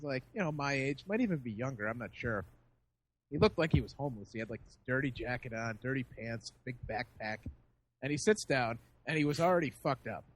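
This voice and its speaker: A man casually telling a story on a podcast, animated and laughing as he acts out the people in it. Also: medium pitch. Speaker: podcast host.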